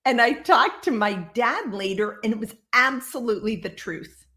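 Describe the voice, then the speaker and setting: A woman in her sixties from Iowa with a slightly high voice tells her story as a guest over a video call. She talks casually and animatedly and slips into the voices of the people she quotes. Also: normal speed. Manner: lively storyteller who acts out quoted dialogue. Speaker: guest psychic medium.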